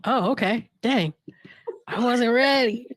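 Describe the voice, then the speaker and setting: A woman's voice: fairly high pitch, slow, no room sound. A woman who directs a podcast network, talking in a candid, joking way on a casual panel, laughing often and restarting her phrases.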